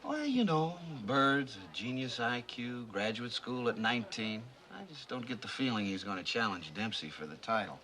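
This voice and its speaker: An actor playing a wry, teasing young reporter in a 1950s film. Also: male voice, mid-range voice, lively intonation, normal speed, few pauses, pushed and bright, slight background noise. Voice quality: teasing, sardonic.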